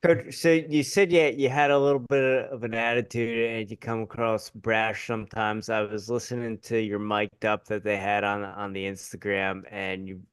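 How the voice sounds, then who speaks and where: A male podcast host asks a guest easygoing questions. His voice is low and smooth, and it sounds dry and close to the mic. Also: flat delivery, normal speed, hardly any pauses, dry recording. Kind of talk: casual podcast interview.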